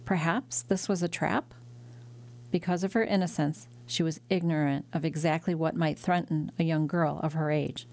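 Low-voiced woman narrating a classic novel. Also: fairly even intonation, normal speed, darkish tone. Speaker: audiobook narrator. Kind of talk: scripted narration.

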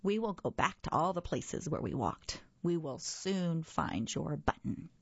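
A woman doing a calm, helpful storybook frog. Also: deep voice, unhurried, gravelly, husky, dry recording, muffled recording, heavily acted. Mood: reassuring. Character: cheerful, helpful male frog.

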